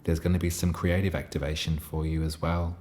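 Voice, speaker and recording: A man with a very low voice gives a gentle tarot reading, speaking in a soft, reassuring way. He meanders through his thoughts, trailing off and restarting phrases with long pauses. A faint hiss of ambience sits behind him. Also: flat delivery. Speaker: tarot reader. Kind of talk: intuitive tarot reading monologue.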